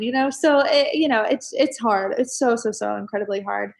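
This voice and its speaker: A young adult woman talking openly and emotionally as a guest in a casual chat, breaking into animated exclamations. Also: fairly high pitch, moderate pace, creaky.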